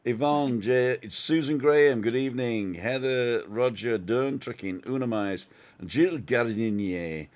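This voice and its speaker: A man's voice: mid-range voice, measured pace, darkish tone. A man co-hosting a casual live stream, chatting and greeting viewers by name. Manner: reads out viewer names cheerfully. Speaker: co-host.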